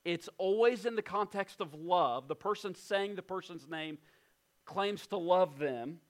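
A man preaching a sermon as pastor, emphatic, slowing down and dropping to a hush on key points. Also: sits high. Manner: emphatic, slows down and drops to a hush for weight. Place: church in West Virginia.

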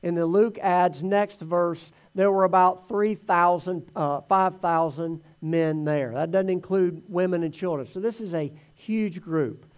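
A man giving a conversational sermon, telling the Gospel story in an animated way. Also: high voice, measured pace, few pauses, highs cut off. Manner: animated storytelling, acts out voices in quotes. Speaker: preacher teaching from the Gospels.

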